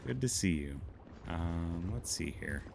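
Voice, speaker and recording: A man from Montana, USA, with an Upper Midwestern (Minnesotan) accent chats casually with his chat while streaming a game, laughing often. His voice is low and expressive with vocal fry, and he takes it slowly. Heavy background noise sits under this casual gameplay commentary.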